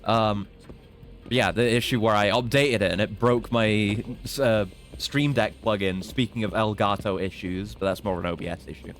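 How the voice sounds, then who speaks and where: A British man streams himself gaming, chatting and joking loosely over game music. His voice is on the low side, with fairly even intonation and a moderate pace.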